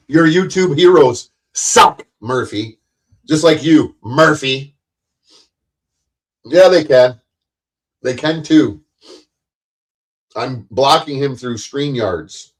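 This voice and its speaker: Profane, combative livestream host. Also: male voice, medium pitch, takes it slowly, pauses often. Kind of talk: ranting live stream monologue.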